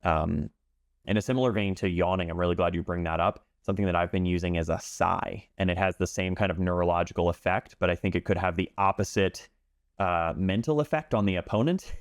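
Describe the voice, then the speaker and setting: Low gravelly calm-spoken man. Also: dry recording, studio quality. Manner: calm, measured explanations. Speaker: pool instructor. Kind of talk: interview talk.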